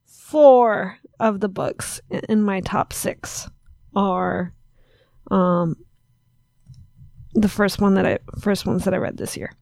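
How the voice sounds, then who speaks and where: A woman's voice: medium pitch, fairly even intonation, slow, vocal fry, pauses often, darkish tone, no echo, studio quality. A woman co-hosting a casual podcast, rambling and teasing her co-host as she corrects herself mid-sentence. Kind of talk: casual chat.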